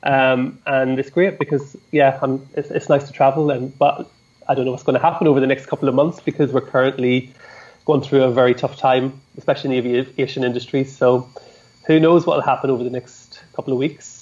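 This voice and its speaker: A man's voice: mid-range voice, level tone, brisk, a little mellow. A man who works as an airline cabin manager, chatting easily and laughing often on a video call. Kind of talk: casual video call chat. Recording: dull lo-fi call audio.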